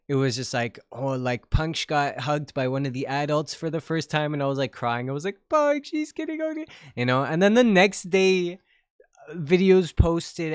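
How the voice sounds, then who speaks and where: Male streamer, giggly, excitable, smooth clear voice, dry close mic. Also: mid-range voice, dry recording. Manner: giggly, excitable, gasps and frequent exclamations. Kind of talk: casual live-stream chat.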